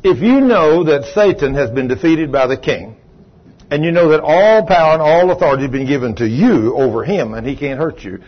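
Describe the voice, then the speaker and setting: A man, a pastor preaching a sermon, telling a story in a low voice and then rising loud and emphatic. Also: expressive, fairly quick, lo-fi sound. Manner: swings from low quiet telling to loud raised retelling. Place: church sanctuary.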